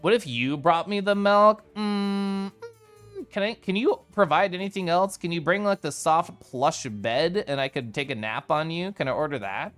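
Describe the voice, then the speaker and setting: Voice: mid-range voice, expressive, moderate pace, hardly any pauses, fairly bright tone, soft background music. A livestreamer chatting casually with viewers, telling rambling stories full of fillers and mock outrage. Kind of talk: casual chat with a live stream chat.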